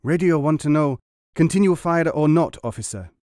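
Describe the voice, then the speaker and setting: A man's voice: a little high, lively intonation, normal speed, warm tone, clear, resonant tone, no echo, clean studio sound, voice pushed up, natural voice. A man doing a grinning Russian soldier in broken English. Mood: gleeful. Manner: choppy broken English, boastful.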